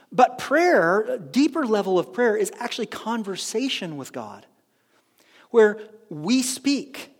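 High-voiced man preaching in a hall. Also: husky. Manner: animated preaching with repeated restarts and asides to the congregation. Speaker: pastor. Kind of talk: sermon.

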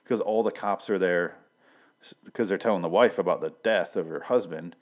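A man's voice: low voice, fairly quick. A man casually recapping a TV episode, rambling and profane, with dry jokes and frequent restarts. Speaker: show reviewer.

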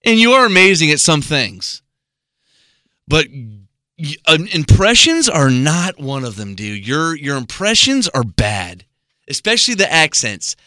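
An American man co-hosting a podcast, teasing his friend in a mock-exasperated, animated way. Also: on the high side, measured pace, no room sound, clean studio sound. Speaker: podcast co-host. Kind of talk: casual podcast banter.

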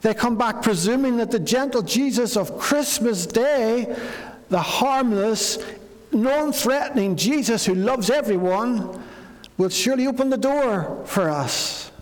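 A man's voice: very high-pitched, expressive, unhurried, in a large hall. A man preaching a sermon as pastor, earnest, repeating phrases and acting out pleas.

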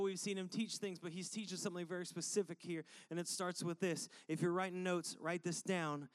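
A man preaching a conversational, energetic sermon as pastor and stressing points by repetition. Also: high-pitched, no room sound.

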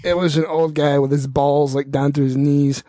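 A man's voice: fairly high pitch, little pitch movement, normal speed, dark tone, dry recording. A man co-hosting a podcast, chatting playfully and laughing easily. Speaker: podcast co-host. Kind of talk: casual comedic banter.

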